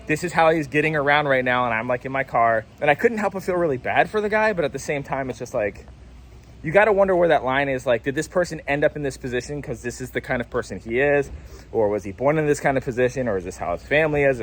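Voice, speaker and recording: A young man telling a casual storytime monologue, rambling and packing in filler words. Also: mid-range voice. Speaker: vlogger.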